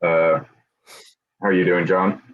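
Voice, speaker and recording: A man's voice: low voice, level tone, unhurried. A man hosting a casual motorcycle talk show, speaking in an easygoing way full of fillers. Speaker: podcast host. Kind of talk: casual chat. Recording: dull lo-fi sound.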